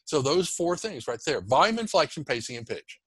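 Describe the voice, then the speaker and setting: Animated man coaching on speaking. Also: on the high side, fairly quick, slightly rough, no echo. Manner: animated, demonstrative, emphatic delivery. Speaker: communication coach guest. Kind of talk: energetic podcast interview.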